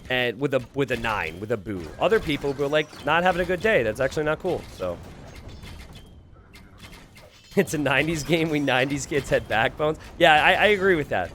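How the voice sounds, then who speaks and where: A man hosting casual gameplay commentary, excitable and quick to laugh, chatting with his viewers and asking them questions. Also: mid-range voice, slight background noise. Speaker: game commentator and channel host.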